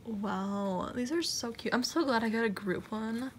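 Slow, gravelly young woman gushing over an unboxing. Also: a little high, slight background noise. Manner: excited, gushing, often drops to a whisper. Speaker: unboxing vlogger. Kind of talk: casual unboxing chat. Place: room at night, indoors.

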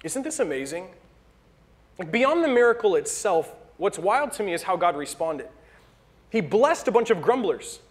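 A man's voice: high voice, very animated, moderate pace. A young American man preaching a sermon in a casual storytelling way, acting out the people he quotes. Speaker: pastor.

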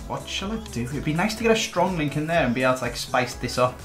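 A man's voice: a little high, animated, quick pace, a bit bright, soft background music. A man giving casual, teasing gaming commentary as a guest. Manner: teasing, joking banter. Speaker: guest YouTuber.

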